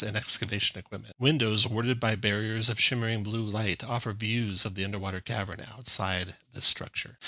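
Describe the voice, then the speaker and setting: Guy dming, lots of uhs and ums, really bright voice, dry recording. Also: lowish voice, no echo, poor audio. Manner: descriptive, with frequent fillers. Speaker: dungeon master. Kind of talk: narrating a tabletop game.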